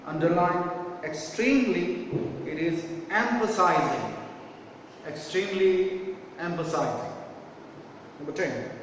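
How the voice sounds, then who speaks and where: Slow, high-voiced teacher in an echoey room. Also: male voice, expressive, fairly bright tone, distant mic, a little hiss or hum. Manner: slow, spells words letter by letter. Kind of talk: homework correction lesson.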